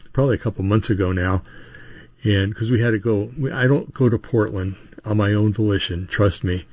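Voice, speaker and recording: A man's voice: fairly low pitch, a little mellow, no room sound. A man hosting a show, talking in a casual, opinionated, rambling monologue with frequent asides and restarts. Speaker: podcast host. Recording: dull, dry lo-fi recording.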